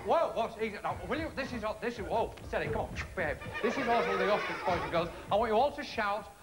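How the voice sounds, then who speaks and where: An excitable man with a high voice who keeps exclaiming and laughing through comic patter for children. A loud crowd of children and heavy noise fill the studio recording behind him. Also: fast talker. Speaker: guest entertainer.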